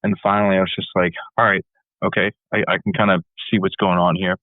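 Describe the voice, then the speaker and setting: Low-voiced man telling a long story. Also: flat delivery, fast, no echo, narrow, tinny audio. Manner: rambling, repeats words, many fillers. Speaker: band leader and musician. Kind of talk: casual storytelling in an interview.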